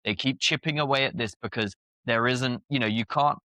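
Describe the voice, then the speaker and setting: A man's voice: mid-range voice, a little fast, pushed and bright, dry recording. Blunt British man, chatty guest. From Britain. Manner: blunt, chatty, frequent filler words and laughs. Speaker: podcast guest. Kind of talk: casual conversational interview.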